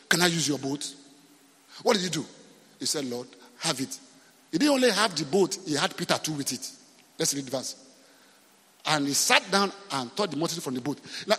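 Animated Nigerian pastor preaching in a hall. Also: male voice, a little high, husky. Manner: animated preaching with repeated questions to the congregation. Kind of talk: sermon.

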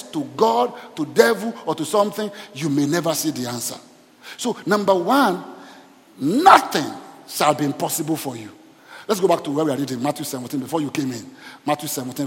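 A pastor delivers a sermon and keeps turning to the congregation with questions. His voice sits a little high and swings widely in pitch. Long reverb from the church hall trails after each phrase. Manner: asks the congregation questions, preaching with call and response.

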